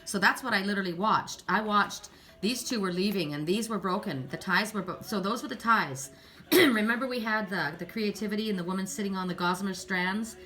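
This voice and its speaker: A woman doing a casual spiritual card reading. She often repeats words, clears her throat and rises in pitch when excited. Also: fairly quick, soft background music. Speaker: oracle card reader.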